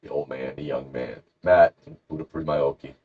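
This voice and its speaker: A man's voice: rumbling low, steady tone, normal speed, husky. A man co-hosting a podcast who tells a rambling, jokey story in casual chat. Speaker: podcast co-host. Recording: dull lo-fi podcast recording.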